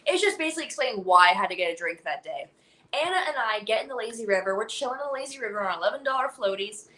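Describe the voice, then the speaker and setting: A young woman telling a story in casual chat, animated and laughing, acting out other people's lines. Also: a little high, very fast. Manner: animated, laughing, acts out quotes. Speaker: guest.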